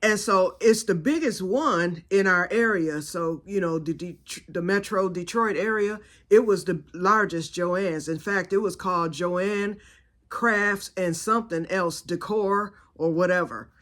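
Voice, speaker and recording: A woman's voice: on the low side, unhurried, fairly bright tone. A woman hosting her own video channel, telling a story in a chatty way with laughs, often calling her viewers y'all. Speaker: channel host. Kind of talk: casual storytelling vlog.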